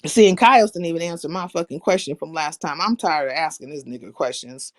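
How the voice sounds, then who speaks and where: A woman hosting a livestream, telling profane stories in a brash, animated, slangy way. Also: low voice, fairly quick, no room sound. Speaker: livestream host. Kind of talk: casual profane storytelling chat.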